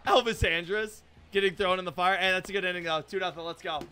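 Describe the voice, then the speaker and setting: A young man giving live gameplay commentary, excitable and self-deprecating, breaking into shouts when plays go wrong. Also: sits high, fast talker, background noise. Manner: self-deprecating, hard on himself. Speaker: gaming YouTuber.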